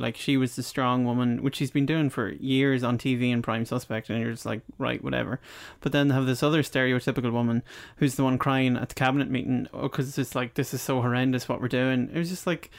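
A man with a middle-pitched voice, talking casually. He is sardonic and rants, mocking characters as he goes. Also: fairly even intonation, quick pace. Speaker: film review podcast co-host. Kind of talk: casual chat.

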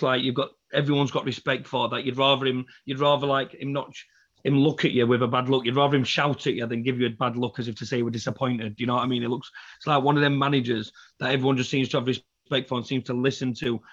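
A man's voice: medium pitch, little pitch movement, fast talker, a bit bright. A man hosting a podcast as a fan, rambling and restarting his sentences. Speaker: podcast host, football fan. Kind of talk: casual podcast chat. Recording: dull lo-fi audio.

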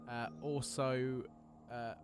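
A man chatting as a player in a tabletop game, asking quick questions. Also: mid-range voice, level tone, over music. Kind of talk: casual chat.

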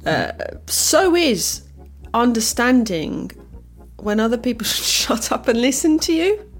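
A woman's voice: on the high side, big pitch swings, measured pace, breathy edge, faint music behind. A woman co-hosting a podcast in casual chat, talkative and laughing often. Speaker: podcast co-host.

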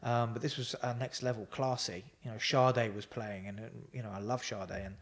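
Speaking at a moderate pace in a mid-range voice with little pitch movement, a podcast guest tells his stories loosely and ramblingly. He peppers his talk with ums and acts out what people said to him.

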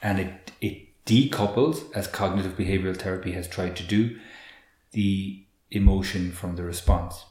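A man, a guest expert explaining in an earnest, animated way, often restarting with repeated words. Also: low-pitched, moderate pace. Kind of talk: conversational explaining. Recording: roomy echo.

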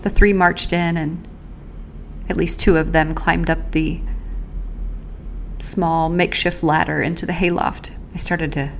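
A woman host recounting her own experience in the first person, earnest and halting, with pauses and restarts. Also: deep voice, little pitch movement, creaky, a little hiss or hum. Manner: speaks of faith and prayer.

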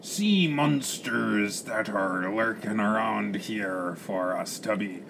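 A man's voice: on the low side, takes it slowly, background noise. A man voicing a forgetful, blustering pirate captain in an improvised comic role-play, growling his lines. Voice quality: gravelly, growling "yarr".

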